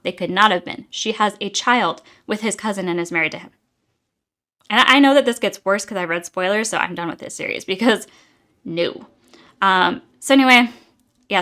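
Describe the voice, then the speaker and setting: A woman's voice: mid-range voice, pushed and bright. A young adult woman giving a casual, exasperated book review, talking chattily with many fillers.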